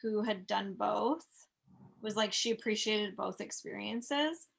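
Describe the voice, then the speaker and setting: A woman's voice: medium pitch, takes it slowly, gravelly, a bit bright, husky. A pregnant woman talking candidly and casually about her birth plans, swearing freely. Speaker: expectant mother. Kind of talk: casual conversation.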